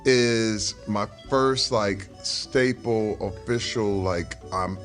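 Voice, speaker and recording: A man's voice: lowish voice, extremely slow, faint music behind. A middle-aged man, a guest in a casual interview, telling stories and acting out the people in them. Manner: animated storyteller who acts out quoted people.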